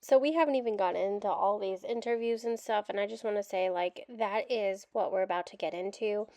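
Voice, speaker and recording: A woman's voice: medium pitch, a little fast, darkish tone. A woman adoptee commentator reacting to a documentary, ranting in frustration and swearing openly. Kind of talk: reaction rant video.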